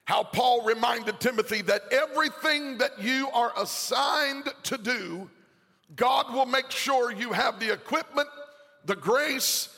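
Pastor guy preaching in a big church, gravelly voice, singsong and shouty, long echo. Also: extremely high pitch, slow. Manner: preaching cadence, sing-song and shouted peaks. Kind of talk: sermon. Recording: long hall reverb, faint music.

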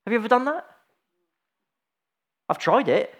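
Very high-voiced and very animated, this middle-aged preacher speaks at a moderate pace with a slightly bright tone. His informal, story-filled sermon is full of restarts and side remarks.

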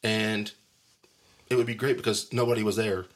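A man's voice: fairly low pitch, steady tone, moderate pace. A middle-aged man hosting a podcast in casual, joking chat, teasing and laughing often. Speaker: podcast host.

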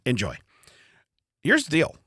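A man's voice: on the high side, huge pitch swings, measured pace, pushed and bright, slightly rough, no echo, clean studio sound. A man co-hosting a podcast, telling a story in casual chat, acting out quotes and laughing often. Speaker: podcast co-host. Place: podcast studio.

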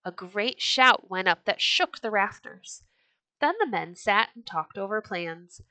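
Woman reading a story aloud, bright and dry. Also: medium pitch, a little slow, no echo. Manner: expressive storytelling. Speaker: storybook podcast reader. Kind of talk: reading a children's classic aloud.

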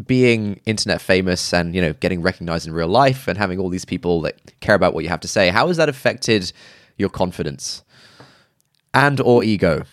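A man as podcast co-host briskly posing a final question to wrap up. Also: low voice, expressive, no room sound, studio quality. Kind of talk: casual interview question.

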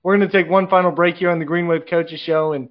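A man with a slightly high voice, hosting a sports interview show and asking rambling, conversational questions. He talks over a video call, and the sound is muffled and lo-fi. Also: fairly even intonation, fast talker. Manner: conversational, loose questions with many "uh"s. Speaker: show host. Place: home room with a chart on the wall.

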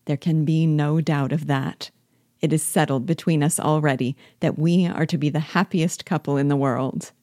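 A woman reading the part of a witty, lively young woman in a storybook reading, speaking in a wry, earnest way. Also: low-pitched, moderate pace, no room sound, studio quality, close to an everyday voice. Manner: wry, earnest, gently teasing.

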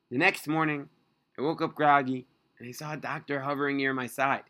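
A man telling a first-person story in scripted narration, earnest and expressive. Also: medium pitch, a little fast.

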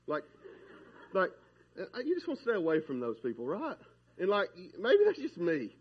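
A man, preaching a sermon in an animated, conversational way and often asking "right?". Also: high-pitched, normal speed, husky, highs cut off. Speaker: pastor.

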